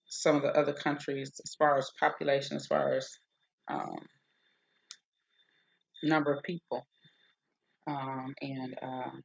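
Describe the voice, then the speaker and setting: Low-voiced woman, lo-fi stream. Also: vocal fry. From United States. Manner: methodical, reads figures aloud with frequent "um" and "okay?". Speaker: host. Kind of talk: live-stream explainer.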